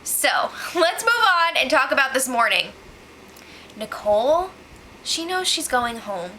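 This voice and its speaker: A high-voiced woman chats through a casual recap with lots of exclamations and quoted asides. Her tone is bright and cutting, with a faint hiss of noise behind her. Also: unhurried, low-quality recording. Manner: animated, exclaiming, acts out quotes. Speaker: show recap host. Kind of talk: casual spoiler recap chat.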